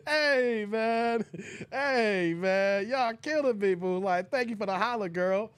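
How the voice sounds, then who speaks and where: A man's voice: high-pitched, slow, clear, resonant tone, no room sound. A man hosting a casual live stream, laughing often, thanking viewers and quoting movie lines. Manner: laughs often, shouts out chat donors, quotes movie lines.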